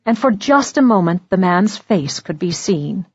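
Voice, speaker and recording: A woman narrating a mystery audiobook in a steady, measured storytelling voice. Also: lowish voice, breathy edge, no echo, lo-fi sound. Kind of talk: scripted narration.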